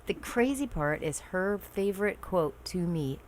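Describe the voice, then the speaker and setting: A woman talking as a podcast guest, hesitant and soft-spoken, sharing personal struggles. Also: on the low side, expressive, measured pace, slight background noise. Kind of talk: casual conversation.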